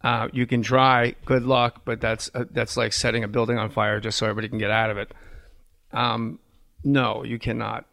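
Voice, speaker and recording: A man's voice: mid-range voice, little pitch movement, moderate pace, gravelly, fairly bright tone. A comedian from New Jersey, a man, chatting on a podcast in a rambling, crude and frank way. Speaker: comedian guest. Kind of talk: casual podcast chat.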